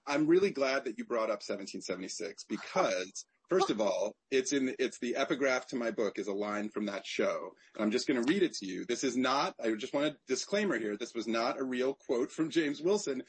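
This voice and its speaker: A man, an author guest in an interview, telling stories in an animated way with frequent restarts. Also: medium pitch, fairly quick, few pauses, slightly rough. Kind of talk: conversational interview.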